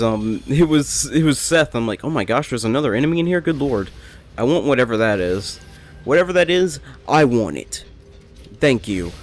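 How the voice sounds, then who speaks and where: A young man rambling and joking through casual gameplay commentary, often correcting himself mid-sentence. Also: mid-range voice. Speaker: let's play gamer.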